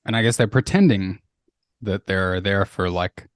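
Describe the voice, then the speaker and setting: A man's voice: sits low, a little slow, no echo, studio quality. A man co-hosting a podcast, chatting casually, with lots of "uh" fillers and easy laughter. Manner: laughs easily, asks questions, uses many fillers. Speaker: podcast co-host. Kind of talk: casual chat.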